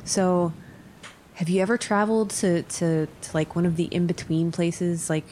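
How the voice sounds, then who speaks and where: A woman playing in a tabletop game, giggly and lively. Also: on the low side, normal speed, slight background noise. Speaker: player.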